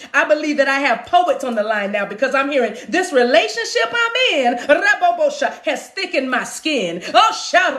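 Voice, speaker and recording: Animated woman chanting in tongues, roomy echo. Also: sits high. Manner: breaks into chanted tongues, calls listeners "baby"; animated, rhythmic, preacher-like delivery. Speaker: spiritual reader and channel host. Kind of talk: live-streamed spiritual reading.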